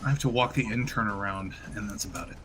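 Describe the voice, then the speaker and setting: A man's voice: lowish voice, fast talker, sharp tone, a little hiss or hum. A man playing in a tabletop game, chatting about his day between turns in a rambling way. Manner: chatty, rambling, laughs often. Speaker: player. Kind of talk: casual chat.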